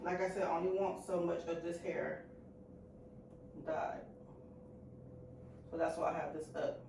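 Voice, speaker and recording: Her voice is lowish and creaky, with little pitch movement and a slightly slow pace, as this beauty vlogger shows how she dyes a wig at an indoor sink. She chats nervously and laughs at herself throughout the casual tutorial, which echoes faintly with ambient noise.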